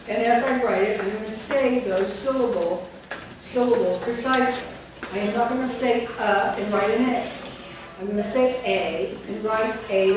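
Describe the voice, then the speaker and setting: Woman teaching from far off, very echoey. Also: mid-range voice. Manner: instructive, dictating and quizzing the room. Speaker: teacher trainer. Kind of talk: teacher training workshop. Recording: very echoey room from far off, with noise.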